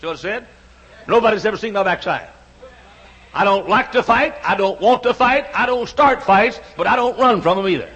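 A man in his sixties preaches with a high, husky voice, driving his points home through rhythmic repetition that swells into shouts. The recording is dull and lo-fi. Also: lively intonation, brisk, few pauses. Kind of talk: sermon. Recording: dull lo-fi sound.

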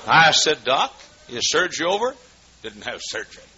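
A man preaching a sermon as pastor in a church, swinging between shouted fervor and hushed storytelling. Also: a little high, sing-song, normal speed. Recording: dull lo-fi recording with faint noise.

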